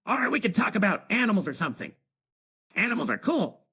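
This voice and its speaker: A male voice playing a hyper, dim-witted cartoon teenage boy with a very raspy, shrill voice, giggling and blurting in an AI-generated chat stream. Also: sing-song, fast, bright, forceful tone, full character voice.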